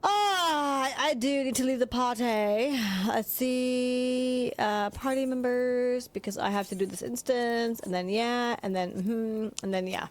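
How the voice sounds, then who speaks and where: A woman's voice: fairly high pitch, unhurried. A woman streaming a video game live, chatting casually and rambling to herself as she plays. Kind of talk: casual live-stream chat while gaming. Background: game music.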